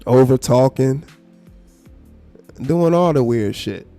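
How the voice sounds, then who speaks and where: A man hosting a live stream, giving casual commentary in a calm, low, unhurried tone, blunt and profane. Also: faint music behind.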